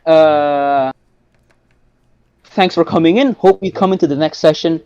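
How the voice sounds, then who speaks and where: A young man co-hosting a podcast, giving halting thank-yous full of fillers. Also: a little high, warm tone, smooth, no room sound, muffled recording. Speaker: podcast co-host. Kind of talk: casual chat, listener shout-outs.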